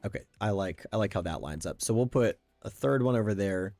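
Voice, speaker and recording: A man's voice: on the low side, lively intonation, brisk, darkish tone, no echo. Easygoing man thinking aloud while playing. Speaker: streamer. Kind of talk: casual gameplay commentary. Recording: faint background game music.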